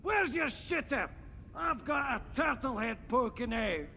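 An actor playing an obese, crude, boastful man with a gravelly, bawdy voice in a film comedy. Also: extremely high pitch, lively intonation, a little slow, pushed and bright, a little hiss or hum, exaggerated voice.

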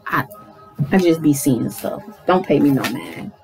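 Animated woman doing a spiritual card reading. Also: sits low, measured pace, gravelly, faint music behind, low-quality recording. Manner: animated, talks to viewers as y'all, affirming. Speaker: tarot card reader.

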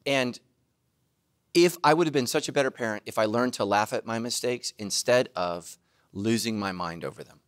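A middle-aged man preaching a sermon, self-mocking and animated, now and then bursting into shouts. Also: mid-range voice, moderate pace, no echo, studio quality. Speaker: pastor.

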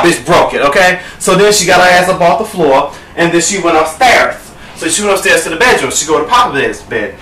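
Sassy, lively-voiced man storyteller. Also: high-pitched, fairly quick, hardly any pauses, noisy background. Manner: sassy, camp, addresses listener as "girl". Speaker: comic storyteller. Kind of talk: profane comedic storytelling. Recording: echoey room, distant mic.

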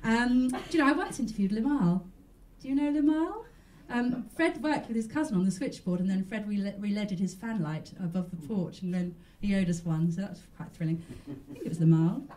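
A woman's voice: medium pitch, brisk, hardly any pauses, mellow, recorded from a distance. A woman hosting a mock chat show in a stand-up character act, talking in a prim, genteel, rambling way.

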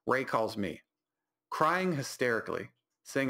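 Gravelly rambling young podcast host. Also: male voice, medium pitch, normal speed. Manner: rambling, animated, self-correcting. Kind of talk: comedic storytelling monologue.

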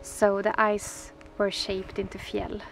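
A Swedish woman vlogging outdoors on a frozen lake, speaking in a gentle, dreamy, excitable way that sometimes drops softly toward a whisper. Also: mid-range voice, takes it slowly, gravelly, noisy background. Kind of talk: casual vlog talk to camera.

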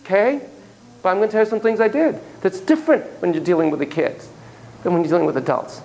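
Male lecturer, high-pitched and highly animated, emphatic with playful asides. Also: fast talker, slight background noise. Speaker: child psychotherapist teaching students. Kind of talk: classroom lecture.

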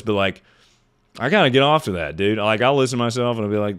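Male streamer, low announcer-ish voice, sarcastic, casual Q&A banter. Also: lively intonation, fast, a bit bright, clean tone. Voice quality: deep voice. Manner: sounds like announcing things; sarcastic, joking asides. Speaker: livestreamer. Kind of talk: casual livestream Q&A chat.

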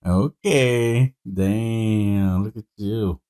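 Podcast co-host, man, wisecracking and teasing, lowish voice. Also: drawn-out words, mellow. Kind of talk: casual chat.

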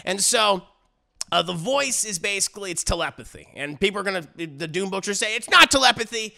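Brief: a rambling, crude-talking man reviewing movies, with a gravelly, sharp voice. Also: high-pitched, fairly quick. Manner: rambling, crude, many fillers. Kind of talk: casual film review.

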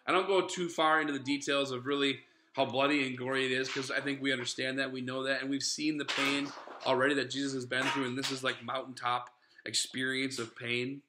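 A man's voice: mid-range voice, little pitch movement, fairly quick, background noise. A man preaching a sermon in an earnest, conversational way, talking straight to his listeners. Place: church sanctuary. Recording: echoey church room.

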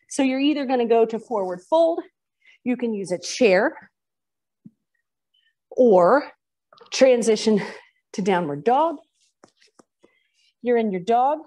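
A woman guides a yoga class in a slow, unhurried way, her voice sitting a little on the high side. She gives chatty, encouraging cues between breaths. As she moves through poses, her voice now and then drifts away from the mic. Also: darkish tone. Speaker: yoga instructor. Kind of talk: guiding a live yoga class.

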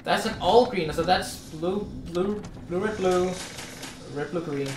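Slow-talking frustrated gamer man. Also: sits high, reverberant, distant mic, noisy background. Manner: frustrated, talks to himself, yelps. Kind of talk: let's play commentary.

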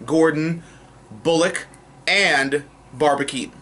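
Bright-voiced excitable young man. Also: a little high, normal speed. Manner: excitable, rambling with fillers and restarts. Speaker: TV review vlogger. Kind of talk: casual vlog review.

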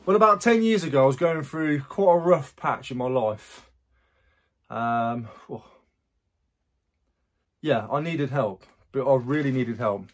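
Chatty husky man vlogging. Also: mid-range voice, animated, measured pace, long pauses. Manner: chatty, rambling, self-correcting asides. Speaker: online reseller. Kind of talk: casual vlog chat.

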